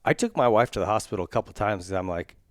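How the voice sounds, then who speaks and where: A man hosting a podcast interview, chatting casually and asking quick follow-up questions. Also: lowish voice, animated, no room sound, studio quality. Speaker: podcast host.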